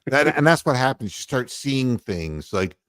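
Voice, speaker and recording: A man's voice: mid-range voice, big pitch swings, moderate pace, no echo, studio quality. An older man hosting a casual sports radio show, rambling and profane, poking fun at himself. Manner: rambling, profane, self-mocking.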